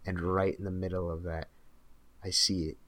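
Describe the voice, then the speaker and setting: Young male co-host, low voice, lively anecdotal delivery. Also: normal speed. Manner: animated storyteller, quoting friends in lowered voice. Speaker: podcast co-host telling a story. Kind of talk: casual storytelling.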